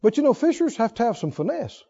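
Animated high-pitched male preacher. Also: fast talker, dull audio. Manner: emphatic, repeats key phrases, swings from loud to soft. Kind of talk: sermon.

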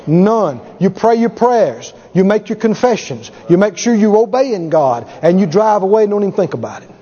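A man preaching a sermon with emphatic delivery, acting out quoted voices and rising to shouts. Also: sits high, big pitch swings, moderate pace. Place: large church hall. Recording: lo-fi hall recording with audience. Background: congregation.

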